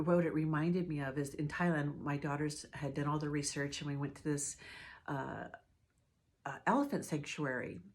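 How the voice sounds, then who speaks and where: Speaking in a low, somewhat dark voice, a middle-aged woman who works as a hospice nurse recounts something from her own life. Her delivery is thoughtful and hesitant, often restarting and leaning on fillers.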